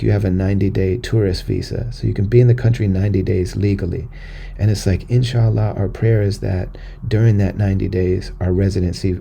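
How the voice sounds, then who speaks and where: Man from the US, podcast host, heavy vocal fry, low voice, earnest, conversational. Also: dark tone, slight background noise. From United States. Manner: earnest, conversational, circles back on phrases. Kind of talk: personal monologue.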